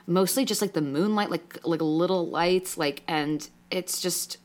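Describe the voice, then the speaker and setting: A woman's voice: lowish voice, a little slow. Rambling young woman recapping a show. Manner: rambling, many "like" fillers, emotional and animated. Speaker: podcast co-host. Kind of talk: casual recap chat.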